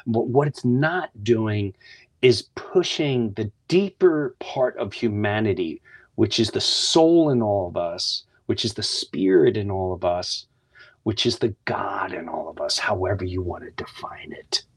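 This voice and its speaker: A man's voice: fairly low pitch, lively intonation, unhurried, husky. A man hosting a podcast, telling earnest, heartfelt stories in a casual monologue. He often restarts and repeats words, and sometimes drops to a near whisper. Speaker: podcast host.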